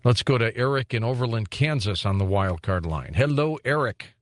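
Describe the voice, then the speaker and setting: A man hosting a late-night call-in radio show, taking listeners' calls in a relaxed, friendly way. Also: mid-range voice, no echo, clean studio sound. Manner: relaxed, affable, takes calls briskly. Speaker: radio talk show host.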